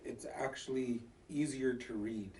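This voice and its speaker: A man's voice: mid-range voice, unhurried, a little mellow, breathy edge. A man joining a language lesson in casual conversation. He offers examples and often repeats words as he restarts his sentences.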